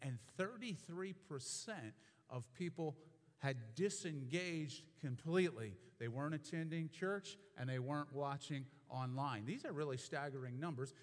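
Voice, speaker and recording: High-voiced preacher in a reverberant hall. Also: male voice, normal speed. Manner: explanatory, building to emphatic repetition. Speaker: pastor. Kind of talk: sermon.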